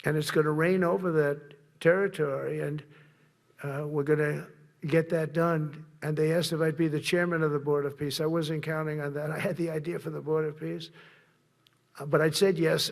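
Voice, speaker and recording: A man's voice: a little high, flat delivery, normal speed, gravelly. An older man giving a rambling, boastful rally speech, repeating himself. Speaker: political speaker.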